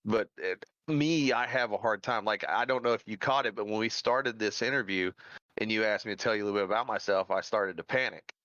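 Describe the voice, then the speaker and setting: A man's voice: on the low side, fairly quick, bright, forceful tone, no room sound, muffled recording. A man from central Kentucky, a guest speaking candidly on a casual video podcast.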